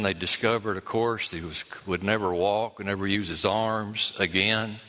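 A man preaching a sermon, telling a story in halting phrases and repeating words for emphasis. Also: fairly low pitch, pushed and bright, big-room sound.

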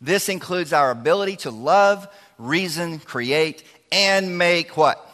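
A man's voice: a little high, slow pace. A man, preaching to teenagers and the church in a chatty, joking way. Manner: lively, chatty, jokes with the crowd. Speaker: youth pastor. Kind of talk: sermon. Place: large church hall. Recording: long hall reverb.

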